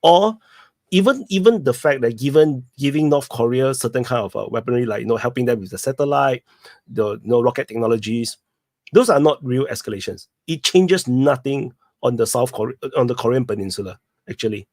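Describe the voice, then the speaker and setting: A man's voice: medium pitch, fairly quick, darkish tone. An earnest man on a video call, laying out his argument step by step with slightly unusual phrasing. His voice sounds close and dry, with no room echo around it. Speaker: open mic panelist. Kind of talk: casual political discussion.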